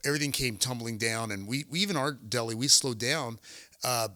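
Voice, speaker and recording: A middle-aged man tells business stories as a podcast guest, animated and quick to act out the lines he once said. His voice is bright and forceful. The sound is dry and close, with no room to it. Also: medium pitch, no room sound. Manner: animated storyteller, acts out his own dialogue. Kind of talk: casual interview storytelling.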